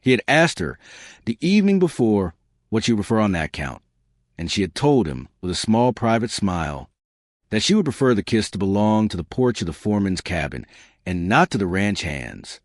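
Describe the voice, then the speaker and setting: A man narrating a scripted western story in a measured, unhurried way. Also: on the low side, very animated, no echo, studio quality.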